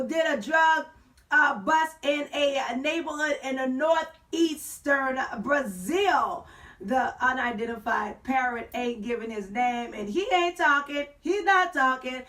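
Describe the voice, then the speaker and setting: Sassy high-voiced woman talk show host. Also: measured pace, far from the mic. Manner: sassy, playful slang, sings and shouts for effect. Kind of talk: casual online talk show monologue.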